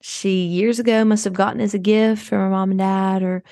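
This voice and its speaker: Woman doing a self-absorbed rich suburban mom, gravelly, rambling, for a comedy podcast, dry sound. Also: medium pitch, flat delivery, moderate pace, warm tone, dry recording, lightly acted. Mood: rambling, chatty. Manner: rambling, breathless oversharing.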